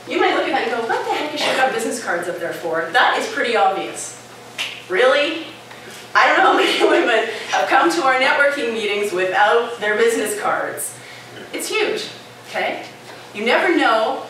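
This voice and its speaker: A woman giving a live talk at a conference, conversational and lively, often checking in with "right?" and "okay?". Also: a little high. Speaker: conference speaker. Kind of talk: live presentation to an audience. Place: conference room with audience. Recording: echoey, distant hall recording with noise.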